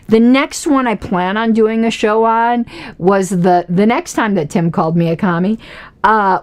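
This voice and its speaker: Chatty, laughing woman streamer. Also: medium pitch. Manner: chatty, laughs often, self-mocking. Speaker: political commentary livestream host. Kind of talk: casual livestream commentary.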